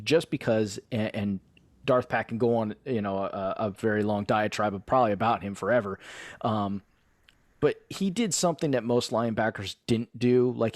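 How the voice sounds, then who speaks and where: A man's voice: lowish voice, no room sound. A middle-aged man co-hosting a casual sports chat show, steering the topics and rambling with casual swearing. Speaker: podcast co-host.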